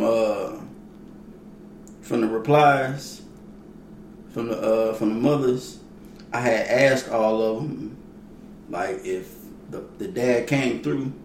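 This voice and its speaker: A man's voice: mid-range voice, takes it slowly, pauses often, a little mellow. A laid-back man co-hosting a casual podcast, trading slangy banter and laughing often. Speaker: podcast co-host. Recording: echoey room with faint noise.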